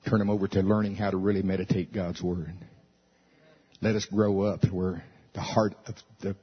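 Male pastor preaching at a church service, very husky voice, dull lo-fi sound. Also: sits low, moderate pace. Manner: animated, swinging from loud to soft, with laughs. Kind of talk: sermon. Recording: dull lo-fi recording.

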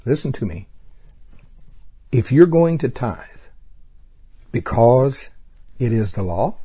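A man preaching a sermon with fervor, breaking into exclamations of praise and swinging from loud emphasis to quiet asides. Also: medium pitch, husky.

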